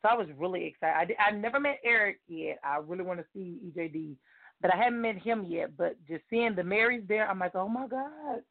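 A woman guest talks on a video call, excitable and quick to laugh as she tells her story. Her voice has a gravelly edge. The sound is thin and phone-like. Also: on the low side. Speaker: guest author. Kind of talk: casual chat.

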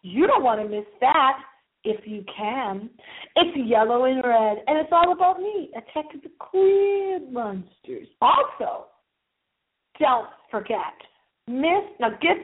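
A woman hosting a call-in internet radio show, campy and theatrical, teasing her listeners with swooping, drawn-out words over a tinny phone line. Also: on the high side.

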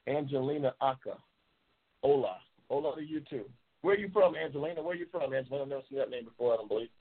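A man with a mid-range, breathy-edged voice hosts a live call-in talk show over a tinny phone-line sound. The banter is casual as he trash-talks and teases callers, cursing a lot.

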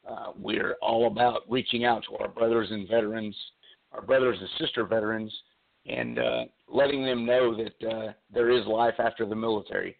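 A man hosting a talk radio show, speaking earnestly with many pauses and fillers while losing his voice, calling in by cell phone. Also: lowish voice, creaky. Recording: tinny cell phone line.

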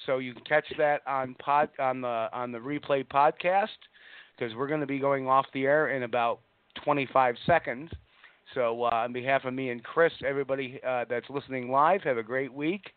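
Smooth-voiced host on a phone line. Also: male voice, mid-range voice, steady tone, dry recording. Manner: quick announcements with many fillers. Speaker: radio show host. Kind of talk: live radio hosting. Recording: tinny phone line, dry.

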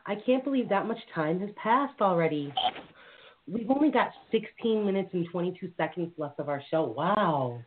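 A woman's voice: on the low side, animated, moderate pace. A woman hosting a live call-in talk show, talking in a brash, bawdy, playful way. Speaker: host. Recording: tinny phone-line audio with faint hiss.

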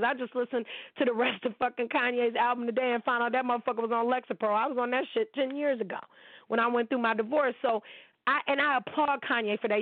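A woman's voice: fairly high pitch, no echo. A woman in her forties from the United States, hosting her own show and delivering a blunt, profane rant that calls people out. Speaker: podcast host. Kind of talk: ranting commentary monologue. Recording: tinny phone-like sound.

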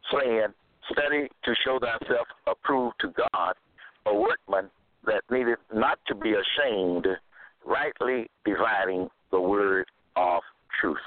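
A man giving a slow, repetitive religious monologue, halting with fillers and stressing his points. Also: on the low side, no echo. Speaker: self-styled preacher. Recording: tinny phone-like dry recording.

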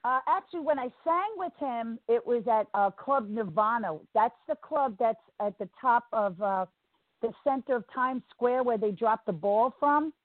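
A woman's voice: fairly high pitch, animated, moderate pace, no echo. A woman with a New York accent, a singer talking as an interview guest, chatty and rambling. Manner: chatty, rambling, laughs easily. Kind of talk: casual interview. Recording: tinny phone-like line, dry.

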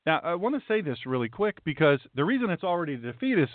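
Folksy emphatic pastor on a tinny line. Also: male voice, fairly high pitch, big pitch swings, quick pace, few pauses, dry recording. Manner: folksy, emphatic, talks to viewers. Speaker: pastor and show host. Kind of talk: livestream Bible teaching. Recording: tinny phone-like dry sound.

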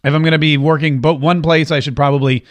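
A man hosts his own show, rambling casually to viewers in live-stream chat and often restarting his sentences. His voice is on the high side, with fairly even intonation, and he talks fast.

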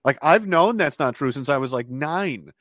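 A man from Canada, a podcast guest in casual chat, animated and laughing often between remarks. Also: fairly high pitch, normal speed, dry recording, clean studio sound.

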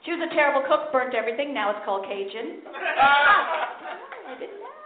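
High-voiced female stand-up, self-mocking punchlines, echoey room with noise behind. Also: expressive, normal speed. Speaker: stand-up comedian. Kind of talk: stand-up comedy set. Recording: echoey tinny live recording with noise.

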